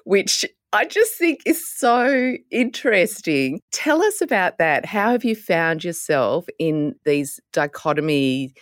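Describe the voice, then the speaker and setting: A woman's voice: fairly low pitch, very animated, slow, hardly any pauses, dry recording, studio quality. A woman co-hosting an interview, enthusiastic and laughing as she talks. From Australia. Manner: enthusiastic, laughs while talking. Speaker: co-host. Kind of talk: casual interview talk.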